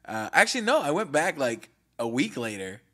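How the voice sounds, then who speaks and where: A man's voice: on the high side, big pitch swings, moderate pace, fairly bright tone. A young man hosting a casual podcast, talking earnestly and rambling, laughing easily. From Mexican-American. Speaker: podcast host. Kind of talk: casual chat.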